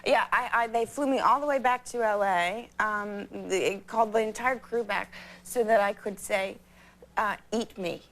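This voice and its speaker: A woman's voice: mid-range voice, steady tone, a bit bright. A young woman in her twenties, a guest on a talk show, telling stories in a chatty, giggly way. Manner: chatty storytelling, quick, giggly asides. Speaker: actress guest.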